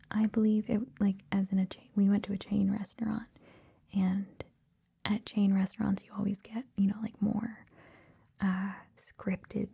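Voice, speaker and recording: A young woman, rambling in a breathy ASMR whisper close to the mic, drifting along with many ums. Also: medium pitch, mellow. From Canada. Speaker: ASMR creator. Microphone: close ASMR microphone.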